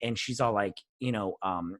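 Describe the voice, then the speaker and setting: A man's voice: lowish voice, normal speed, a bit bright, no echo, clean studio sound. A young man hosting a show, casually recapping and reviewing an episode in a rambling, dismissive way. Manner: rambling, dismissive, paraphrases scenes with "he's all like". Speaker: show host.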